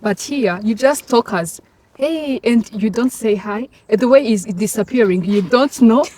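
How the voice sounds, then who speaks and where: A woman student guest in a casual interview, speaking haltingly with many restarts and frequent laughter. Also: on the high side, darkish tone. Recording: noisy background.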